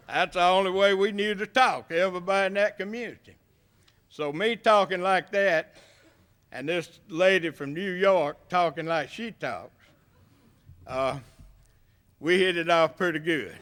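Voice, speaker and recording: A man's voice: on the high side, unhurried, long pauses, fairly bright tone, clean tone. An older man with a rural Southern US accent, giving a banquet acceptance speech as a hall of fame inductee and spinning folksy, humorous stories. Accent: Southern US, rural Gulf Coast area.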